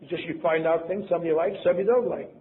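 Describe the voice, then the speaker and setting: A man's voice: fairly high pitch, fast. A man in his seventies from Wisconsin, giving a convention talk in a wry, self-mocking storytelling manner. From Wisconsin, USA. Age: 70s. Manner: wry, self-mocking, acts out quoted voices. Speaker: convention speaker. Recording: lo-fi tape, phone-like, faint hiss.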